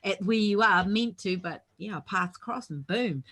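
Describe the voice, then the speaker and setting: A woman's voice: medium pitch, a little slow, slightly rough. Chatty New Zealand woman telling stories. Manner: chatty storyteller, laughs often, animated quoted asides. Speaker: workshop participant. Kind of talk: casual chat while painting.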